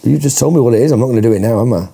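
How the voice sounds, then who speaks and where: A man's voice: medium pitch, very fast, creaky, dark tone, husky. A man from Britain co-hosting a casual comedy chat, teasing and dry in his replies. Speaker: podcast co-host.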